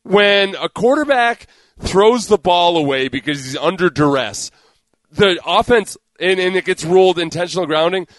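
A man's voice: high-pitched, normal speed, no room sound. A man co-hosting a sports radio show, a former defensive lineman who rants with emphatic outbursts in casual banter. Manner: animated, ranting with emphatic outbursts. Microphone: studio microphone.

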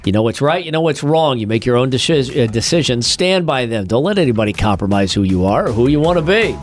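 A man's voice: mid-range voice, lively intonation, fast talker, faint music behind. An American man co-hosting a casual podcast, joking and reading out internet posts in mocking voices. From United States. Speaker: podcast co-host.

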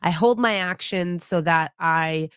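Low-voiced woman running a tabletop game. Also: unhurried, clean tone, no room sound, studio quality. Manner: relaxed, descriptive, casually corrects herself. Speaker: game master.

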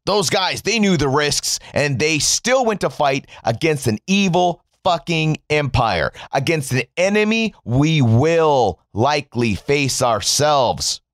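A man from the United States delivers a mocking, profane commentary monologue. His pitch rises and falls widely as he goes, and the sound is dry and close with almost no room around it. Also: animated, slow pace, hardly any pauses, dry recording. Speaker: political commentator. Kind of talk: sarcastic opinion monologue.

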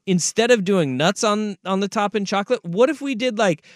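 A man co-hosting a radio show in casual chat, enthusiastic and quick to laugh. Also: high-pitched, dry recording, clean studio sound. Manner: lively, laughs easily, enthusiastic. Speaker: radio co-host.

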